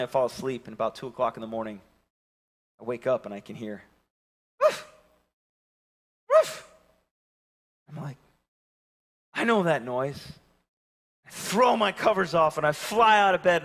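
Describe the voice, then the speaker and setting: A man in his thirties preaching a sermon and telling a story, swinging from loud calls to hushed near-whispers. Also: a little high, in a large hall. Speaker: pastor.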